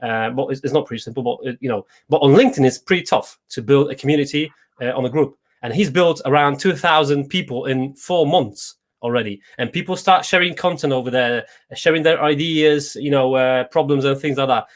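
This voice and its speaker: A man hosting a casual live-stream chat over a video call, who talks in a relaxed way and often restarts his phrases. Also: mid-range voice, brisk, few pauses. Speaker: host.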